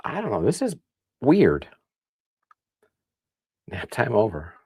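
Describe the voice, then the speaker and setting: A man from the Midwest hosting a casual livestream, chatting and thinking out loud as he reads comments. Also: on the low side, wildly swooping pitch, slow, slightly rough, no echo, clean studio sound. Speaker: livestream host. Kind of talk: casual tasting livestream chat.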